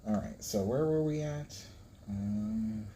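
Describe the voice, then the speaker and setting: A man's voice: lowish voice, slow pace, mellow, a little hiss or hum. A man hosting a casual live stream, flustered as he stumbles over hard pronunciations and laughs at himself. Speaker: livestream host reading a book.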